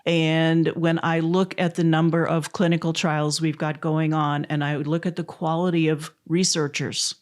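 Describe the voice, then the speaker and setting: A woman's voice: sits low, level tone, normal speed, few pauses. A middle-aged woman from Missouri, a volunteer advocate telling a story in an interview, laughing often and close to tears.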